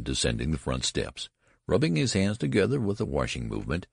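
A man narrating a classic story as an audiobook, with measured, expressive storytelling. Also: deep voice, gravelly, slightly rough, dry recording, clean studio sound.

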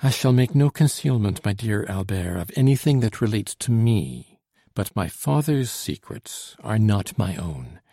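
Man voicing young french woman, earnest, anxious, husky, dry audiobook sound. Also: fairly low pitch, very animated, a little slow, mellow, dry recording, heavily acted. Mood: guarded. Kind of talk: audiobook narration.

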